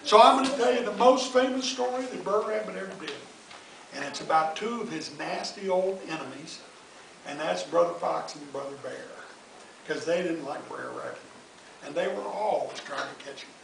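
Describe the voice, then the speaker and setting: A man telling folk tales to his family in an animated, folksy way. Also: on the high side, moderate pace, gravelly. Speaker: family storyteller. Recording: distant echoey noisy home recording.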